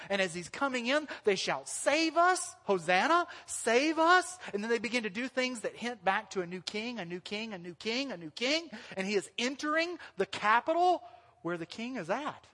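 A man preaching a sermon as pastor, animated and lively, sometimes breaking into loud sung lines. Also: very high-pitched. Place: church hall. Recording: long hall reverb.

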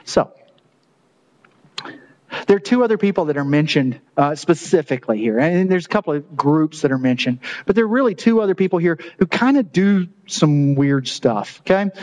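A male pastor with a voice slightly higher than most men's preaches in a loose, conversational way, joking and chuckling at his own asides. He is very animated, speaks at a normal speed with frequent pauses and a darkish tone, and the recording is low quality.

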